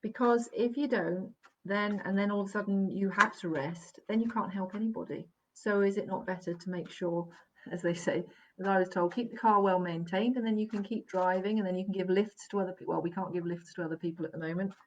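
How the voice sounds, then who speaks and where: A woman giving a live psychic reading, gentle and reassuring, often checking in and laughing softly. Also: mid-range voice, steady tone, fairly quick, a little hiss or hum. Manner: gentle, reassuring, keeps checking in with "all right?" and "okay?"; laughs softly between sentences. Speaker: psychic medium. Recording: dull, lo-fi live stream audio.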